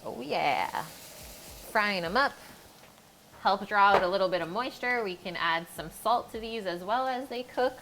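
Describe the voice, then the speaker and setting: A woman's voice: mid-range voice, measured pace, bright, forceful tone, slight background noise. A woman hosting a live cooking stream, chatting casually with her viewers as she cooks in a home kitchen. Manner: chatty, talks to chat while cooking. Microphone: streaming mic.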